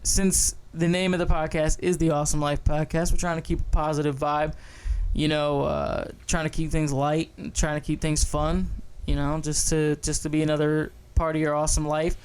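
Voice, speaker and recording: A man's voice: a little high, flat delivery, normal speed, hardly any pauses, a little mellow, clean tone. A young man co-hosting a casual podcast, talking in a laid-back, profane way and laughing easily. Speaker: podcast co-host.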